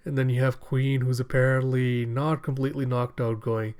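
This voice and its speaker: A man's voice: medium pitch, flat delivery, moderate pace, darkish tone. Rambling young man reviewing a manga. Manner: rambling, many fillers.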